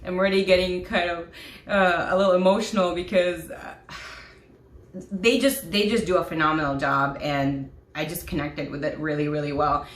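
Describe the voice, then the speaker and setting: A woman's voice: lowish voice, fairly even intonation, moderate pace. A woman vlogger chatting casually and emotionally about a TV series, gushing, with lots of fillers. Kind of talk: casual chat. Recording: echoey room.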